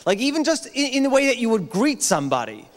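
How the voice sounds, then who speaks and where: A male comedian from Newfoundland, Canada, hosts an awards show with a stand-up monologue in a large armoury hall at a live event, and the hall's reverb is audible. His voice is high, and his pitch swoops wildly as he talks fast. He's chatty and keeps tagging his lines with "right?"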